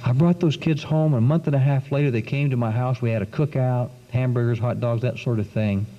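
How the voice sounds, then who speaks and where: A man's voice: medium pitch, a little fast. Man telling a faith story in a hall. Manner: animated storyteller, acts out quotes. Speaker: speaker giving a religious talk. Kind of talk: storytelling testimony talk. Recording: dull 1990s recording in a reverberant hall.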